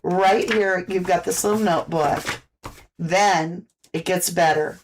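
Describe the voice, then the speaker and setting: A woman's voice: on the low side, takes it slowly, a little hiss or hum. A woman hosting a casual live-stream, chatting folksily about products and reading out viewer comments, a little out of breath.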